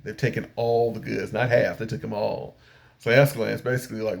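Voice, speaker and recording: Older man with a gravelly low voice. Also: flat delivery, a little fast. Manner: rambling retelling with frequent fillers and acted-out paraphrases. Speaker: anime reviewer. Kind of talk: casual episode recap.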